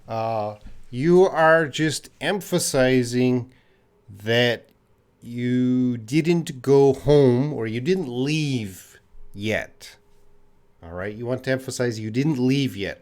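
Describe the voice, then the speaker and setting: Canadian guy teaching english live, slow and patient, reads out chat names, lots of uh's. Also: mid-range voice, animated, darkish tone. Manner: slow, patient, repeats student names and pauses with uh; drinks tea while talking to the camera. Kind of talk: live-stream English lesson answering chat questions.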